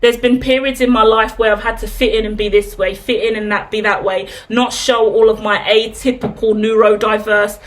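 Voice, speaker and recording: A woman's voice: fairly high pitch, fairly even intonation, normal speed, hardly any pauses. A woman in her thirties giving a candid, chatty tarot reading, asking herself rhetorical questions and swearing freely. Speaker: tarot reader. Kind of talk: casual tarot reading monologue.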